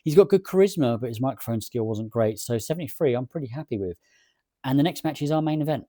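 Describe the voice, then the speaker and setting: A man giving relaxed, musing let's play commentary, with fillers and an easy pace. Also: medium pitch, fast, dry recording, studio quality. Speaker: gaming commentator.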